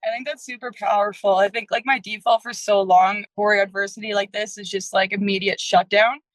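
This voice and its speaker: A woman on a coaching call talks openly about money stress and car trouble. Her voice sits at a middle pitch, and the sound is dry and close. She speaks frankly and swears casually. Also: fairly even intonation, brisk, dry recording, low-quality recording. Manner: candid, emotional sharing with casual swearing. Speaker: coaching client.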